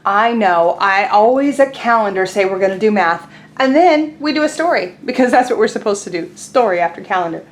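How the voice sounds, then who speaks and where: A woman teaching young children in an online class, leading calendar time and storytime in a gentle, encouraging way. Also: medium pitch, animated, fairly quick. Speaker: preschool teacher.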